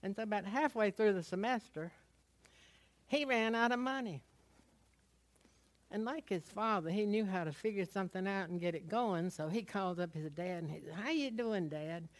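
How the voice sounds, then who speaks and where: A middle-aged woman pastor preaching a sermon, moving from storytelling into loud exhortation. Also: mid-range voice, normal speed.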